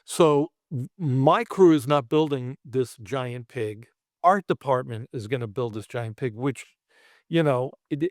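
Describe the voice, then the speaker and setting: Profane animated man, story-telling guest. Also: a little high, no room sound, clean studio sound. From Brooklyn, US. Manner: profane, animated, acts out other people. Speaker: special effects artist guest. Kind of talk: casual storytelling.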